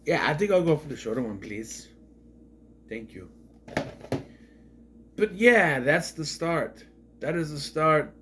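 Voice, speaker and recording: A man's voice: medium pitch, a bit bright, slight background noise. Rambling sarcastic male movie reviewer. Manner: rambling, sarcastic, repeats himself. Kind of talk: casual review monologue.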